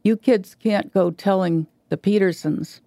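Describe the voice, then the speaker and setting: A gruff, shaken contractor barks blunt orders in a low, gravelly voice, read by a woman. The sound is mellow and dry, close to the mic. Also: measured pace, dry recording, close to an everyday voice. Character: gruff middle-aged male gravel-pit contractor, shaken.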